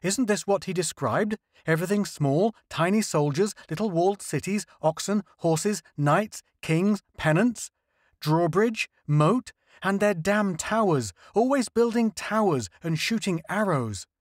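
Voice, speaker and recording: A man's voice: high-pitched, animated, a little slow, dry recording, studio quality, pitched above the performer's own voice. A man voicing a shaken male scientist who mutters in agitation, raised a little above his narrating voice. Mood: agitated.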